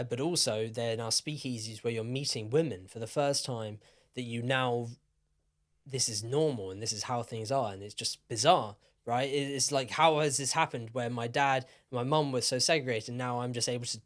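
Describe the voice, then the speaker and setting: A man co-hosting a podcast, tipsy and telling a story in a lively, rambling way with plenty of swearing. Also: medium pitch, fairly quick. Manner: animated, swearing, repeats himself. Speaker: podcast co-host. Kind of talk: casual storytelling chat.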